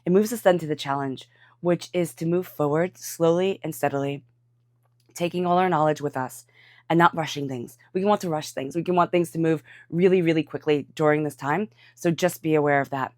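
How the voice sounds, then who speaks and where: A woman with a congested, stuffy voice, giving a calm tarot reading. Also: sits low, brisk, dry recording, clean studio sound. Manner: calm, soothing guidance. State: congested from a cold. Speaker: tarot reader.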